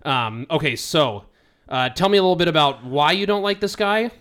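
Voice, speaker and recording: A man's voice: fairly high pitch, animated, moderate pace, a bit bright, clear, resonant tone. A young man co-hosting a podcast who steers the casual chat, laughs often and swears when he gets worked up. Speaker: podcast co-host.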